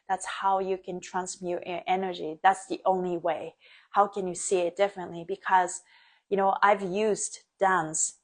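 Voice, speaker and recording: A woman giving reflective coaching talk on a live stream as a dance embodiment mentor, earnest and quick to laugh, speaking into a phone. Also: medium pitch. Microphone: phone mic on a live stream.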